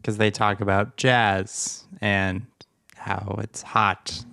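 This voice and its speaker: A man's voice: fairly low pitch, flat delivery, takes it slowly, vocal fry, bright, forceful tone, clear, resonant tone, dry recording, studio quality. A man on a film podcast tossing in offhand remarks in a drawling way. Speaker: podcast co-host. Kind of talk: casual film discussion.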